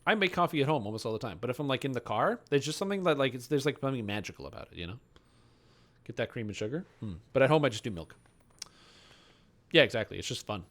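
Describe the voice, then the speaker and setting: A young man chats loosely while streaming a game. He answers his viewers with rambling asides and self-mocking jokes. His voice sits at an everyday middle pitch. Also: lively intonation, fast talker, fairly bright tone. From Canada. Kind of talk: casual live-stream chat, answering chat.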